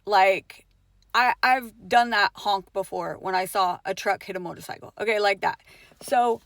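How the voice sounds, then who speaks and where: A woman's voice: medium pitch, normal speed, fairly bright tone, dry recording, studio quality. A middle-aged mother telling a personal story in a casual vlog, swearing often, with lots of fillers and emphatic swings.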